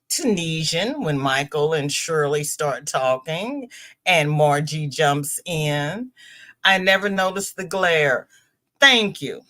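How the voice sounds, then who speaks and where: Slow, rambling woman livestream host. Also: sits low, expressive. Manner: rambling, chatty, greets viewers warmly by name. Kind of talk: casual chat with live viewers.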